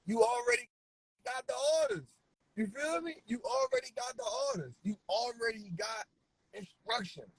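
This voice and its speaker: Fervent husky man preaching to viewers. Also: high voice, wildly swooping pitch, normal speed, no room sound, low-quality recording. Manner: repetitive, emphatic and fervent. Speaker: vlogger.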